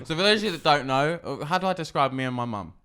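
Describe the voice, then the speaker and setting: Twenties bloke, bright tone, sweary banter for a casual podcast. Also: male voice, fairly high pitch, lively intonation, fast talker, a little hiss or hum. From London, England. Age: 20s. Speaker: podcast co-host. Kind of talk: casual chat.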